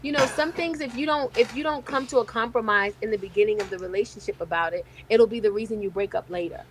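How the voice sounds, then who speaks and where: A woman's voice: fairly high pitch, fast talker. A woman comedian chatting casually as a podcast guest, telling stories and acting out the voices of people in them. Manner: storytelling, acts out quoted voices. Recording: noisy background hiss.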